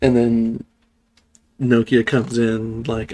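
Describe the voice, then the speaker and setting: A streamer chatting casually over a game and reading its cutscene lines aloud in quick voices. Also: medium pitch, sing-song. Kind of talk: casual let's-play chat with voiced readings.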